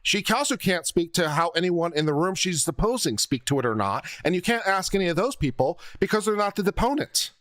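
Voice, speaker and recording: A man's voice: high voice, animated, a little fast, hardly any pauses, fairly bright tone. A man commenting on a legal deposition video in a blunt, exasperated, lecturing way.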